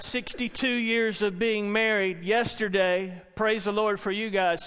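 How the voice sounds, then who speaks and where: A middle-aged Baptist pastor preaching a sermon in earnest, repetitive phrases, asking the congregation questions in a church. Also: male voice, high-pitched, a little slow, few pauses, fairly bright tone. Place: church sanctuary. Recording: long hall reverb.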